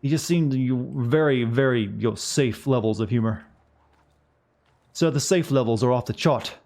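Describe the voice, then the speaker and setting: A man's voice: medium pitch, normal speed, darkish tone. Man rambling jokes over his gameplay. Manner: rambling, joking asides to chat. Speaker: game streamer. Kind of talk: casual gameplay commentary.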